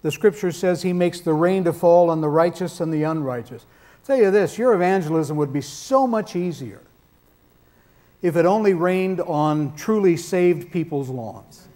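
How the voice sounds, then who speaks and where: A man's voice: fairly high pitch, moderate pace, warm tone. A man preaching a sermon in a conversational, emphatic way with touches of dry humor.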